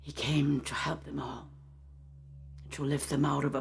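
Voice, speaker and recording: A spiritual channeler telling a story gently, calling the listener beloved and sinking into a soft whisper. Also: medium pitch, level tone, a little slow, gravelly, a little hiss or hum.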